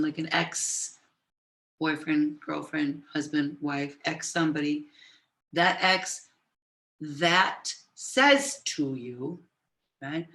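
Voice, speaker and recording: Slow-paced woman teaching Italian. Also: deep voice, a bit bright. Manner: mixes Italian and English, slow dictation, greets viewers. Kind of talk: live-streamed language lesson. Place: home office with computers.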